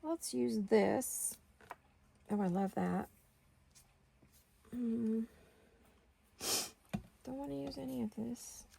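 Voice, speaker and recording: Her voice is fairly high yet dark in tone and creaky, delivered slowly with long pauses over slight background noise. This middle-aged woman hosts a craft video, chatting to viewers and to herself while she works.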